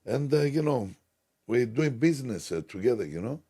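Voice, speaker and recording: An older man, a DJ guest telling stories in broken English with animated, emphatic repetition. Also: mid-range voice, normal speed, breathy edge. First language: Greek. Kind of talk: storytelling interview chat.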